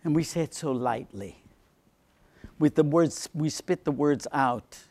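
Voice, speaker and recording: A man, a priest, giving a lecture on faith to a seminar, repeating phrases for emphasis and dropping into quiet low asides. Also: measured pace. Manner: animated, swings between emphatic lines and quiet low asides.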